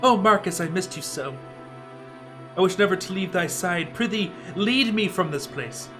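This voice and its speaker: A man's voice: sits high, expressive, normal speed, music in the background. A man playing a lovesick princess. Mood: pleading. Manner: archaic theatrical speech. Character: lovestruck young princess in a stage play.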